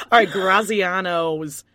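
A woman's voice: on the low side, background noise. A woman co-hosting a casual TV recap podcast, chatting with dry, joking asides. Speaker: podcast co-host.

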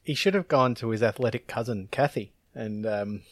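A man's voice: on the low side, normal speed, no echo, studio quality. A man, co-hosting a podcast in casual chat and rambling through laughing anecdotes. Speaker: podcast co-host.

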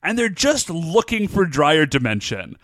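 A man's voice: on the high side, sing-song, measured pace, fairly bright tone, no echo. A man casually recapping a TV episode with a co-host, chatty and full of "like" and "uh". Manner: chatty, lots of "like" and "uh".

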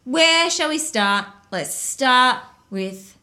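Bright, lively woman podcast host. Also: high-pitched, extremely slow. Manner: animated, chatty, laughs often. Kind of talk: casual podcast chat.

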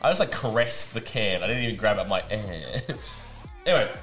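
A man's voice: on the low side, animated, fairly quick, a bit bright, soft background music. A man hosting a casual podcast chat, swearing and laughing as he loses his place. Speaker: podcast host.

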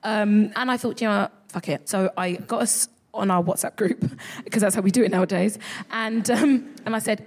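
A woman's voice: mid-range voice, moderate pace, darkish tone. A woman, an actress co-hosting a live comedy podcast, telling chatty stories with giggles. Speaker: guest co-host, actress. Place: live venue stage.

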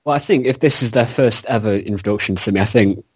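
Male history podcaster as guest, lowish voice, dead-dry sound, wry jokes. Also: fast talker, slightly rough, no room sound. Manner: dry sarcastic humor, cackling laughs. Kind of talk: casual podcast interview. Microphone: video call.

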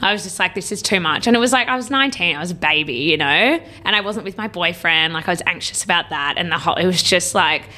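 Bright animated woman in her late twenties. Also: fast, hardly any pauses. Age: late 20s. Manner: animated, swearing, acts out quotes in a high voice. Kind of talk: casual storytelling chat.

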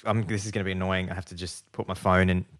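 A man's voice: low voice, flat delivery, fast, a bit bright, no room sound, clean studio sound. A man co-hosting a podcast, chatting casually and joking around. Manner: playful, jokey storytelling. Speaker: podcast co-host. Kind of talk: casual chat.

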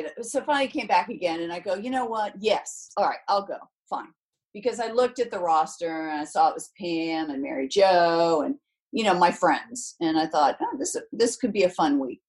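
A woman's voice: lowish voice, low-quality recording. A woman in her sixties, a former athlete and sports commentator, telling stories in a casual interview and acting out quotes. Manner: animated storytelling, acts out quotes in other voices. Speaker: guest, former tennis champion and commentator.

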